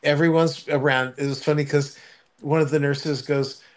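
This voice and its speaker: A man's voice: on the high side, little pitch movement, normal speed. Rambling older man telling stories. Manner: rambling anecdotal storytelling with many restarts and fillers. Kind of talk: casual chat.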